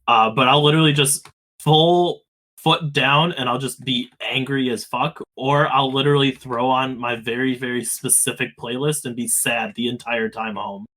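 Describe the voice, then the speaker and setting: A man's voice: mid-range voice, fairly even intonation, normal speed, bright, forceful tone. Laid-back man co-hosting a podcast. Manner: laid-back, swears casually. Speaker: podcast co-host. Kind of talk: casual chat.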